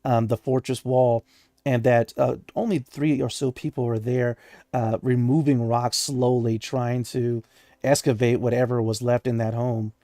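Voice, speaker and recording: A man's voice: medium pitch, flat delivery, a little slow, mellow, no echo, clean studio sound. A man narrating as game master of a tabletop game, chatty and laughing, with many fillers.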